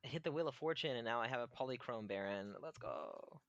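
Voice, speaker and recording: A man's voice: mid-range voice, expressive, fairly quick, fairly bright tone, lo-fi sound. A man co-hosting a casual podcast, chatting while playing a game and protesting good-naturedly. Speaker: podcast co-host.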